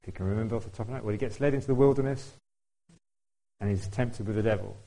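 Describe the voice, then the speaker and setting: A man's voice: on the low side, fast talker, creaky, dark tone, low-quality recording. A man preaching a conversational sermon to a congregation, often asking them questions. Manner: chatty, asks the congregation questions, acts out quoted voices.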